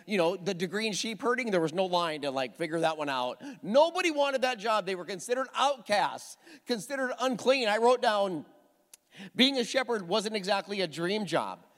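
A man's voice: high voice, animated, moderate pace, fairly bright tone, long reverb tail. A middle-aged male pastor preaching a sermon to his congregation, telling stories with self-deprecating humor. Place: church sanctuary with a congregation.

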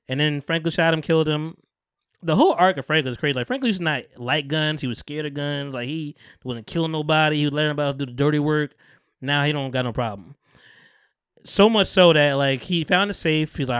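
A podcast host chatting casually, retelling a TV episode with lots of slang and acting out the characters' lines. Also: male voice, on the high side, a little fast, clear, resonant tone, no room sound, studio quality. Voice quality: profane, loose slang-heavy delivery. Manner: animated storyteller, acts out characters' lines in voices. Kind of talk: casual chat recapping a TV show.

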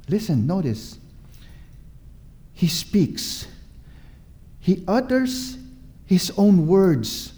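Slow, animated male preacher with a high voice. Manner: emphatic and repetitive, drawing out words, asks the listeners questions. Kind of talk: sermon.

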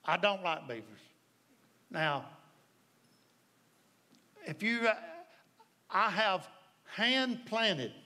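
A man's voice: a little high, sharp tone. A man with a Southern US accent preaching a sermon as pastor, folksy and storytelling, often asking the congregation if they follow.

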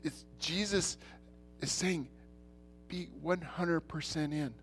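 A middle-aged man preaching a church sermon, earnest, repeating himself, swinging between loud and soft. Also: medium pitch. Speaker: pastor.

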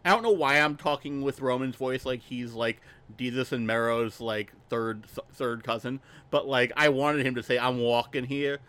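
A man's voice: medium pitch, steady tone, normal speed, few pauses, a bit bright. A man co-hosting a podcast stream, recapping a film in a rambling, jokey way with many fillers. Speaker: podcast co-host. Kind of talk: casual movie recap chat.

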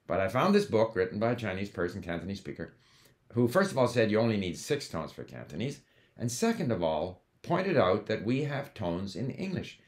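A man with a somewhat low voice talks in a relaxed, conversational monologue. He is older and from Canada, and he drifts into side stories, dropping in fillers and restarting sentences as he goes. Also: fairly quick. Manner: conversational, digressive, with fillers and self-corrections. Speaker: language learning host. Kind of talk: casual monologue.

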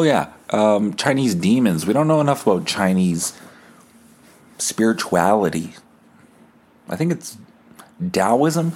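A man hosting a solo podcast, rambling casually with deadpan sarcasm and jokes. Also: low voice. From Canada. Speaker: podcast host.

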